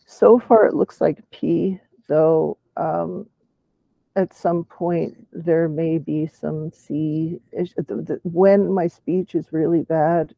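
A man talks in a casual chat with a husky, gravelly voice that comes from vocal cords which no longer close properly. He stops and restarts often, choosing careful clinical words. The sound is dry and dull, like a lo-fi recording. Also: fairly high pitch, dry recording. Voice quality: weak, poorly closing vocal cords. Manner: halting, with restarts and clinical terms. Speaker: participant in a patient discussion.

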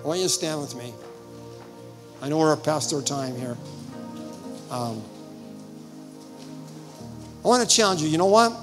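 An older man with a high voice preaches, acting out his stories and breaking into sudden loud bursts. Faint music plays underneath him. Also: animated, a little slow, pauses often. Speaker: visiting preacher. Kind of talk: sermon with personal stories.

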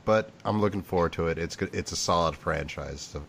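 Podcast co-host, male, very low voice, dry humor, relaxed chat. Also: brisk. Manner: dry joking asides. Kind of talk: casual chat.

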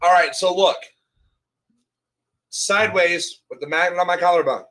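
A man co-hosting a casual call-in chat, emphatic and swearing loudly when he gets worked up. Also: high voice, normal speed, rough recording. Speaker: show co-host. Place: at home on a video call.

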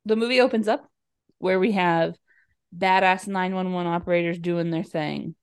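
A woman's voice: fairly low pitch, clean tone. Giggly young woman retelling a movie. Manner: giggly, acts out lines in quick voices. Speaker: podcast co-host. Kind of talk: casual chat, retelling a movie plot.

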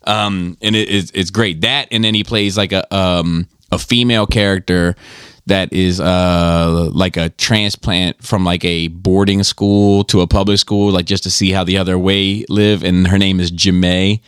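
A man's voice: sits low, fairly even intonation, a little slow, fairly bright tone, smooth, no room sound, clean studio sound. A man in casual podcast chat, rambling and profane, who tells stories with animation.

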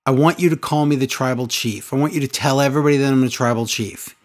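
A man in casual chat, retelling events with lively, acted-out quotes. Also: medium pitch. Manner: animated storytelling, quick acted-out quotes. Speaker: podcast co-host recapping wrestling.

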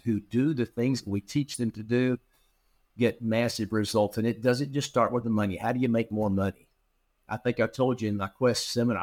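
Animated male storyteller, middle-aged. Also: medium pitch. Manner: animated storyteller who acts out quoted dialogue; frequent restarts and repeated words. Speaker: interview guest, practice management consultant. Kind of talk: storytelling in a podcast interview.

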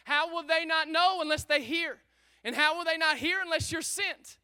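A man preaching a sermon as pastor, energetic and calling for responses from the congregation. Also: extremely high pitch, normal speed, dry recording. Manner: energetic, call-and-response, urging listeners.

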